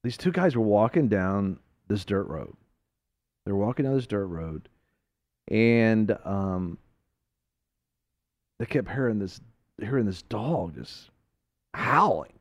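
A man hosting a talk show, telling a folksy story and preaching in an animated, laughing way. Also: on the low side, slow pace, long pauses, dry recording.

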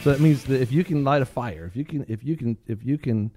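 A man on a talk radio show telling a funny story in a casual, animated way, laughing often and repeating phrases for emphasis. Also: medium pitch, quick pace, over loud music.

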